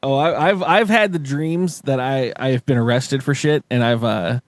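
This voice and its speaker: A man's voice: mid-range voice, moderate pace, dry recording. Rambling man with a dry close mic. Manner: rambling storyteller, many fillers and restarts, laughs often. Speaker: podcast co-host. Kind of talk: casual podcast chat.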